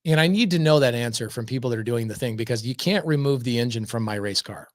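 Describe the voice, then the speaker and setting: A man's voice: medium pitch, fast talker, dry recording, studio quality. A man chatting as a podcast guest, telling stories with energy and emphasis, often repeating words for effect. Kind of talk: casual storytelling chat.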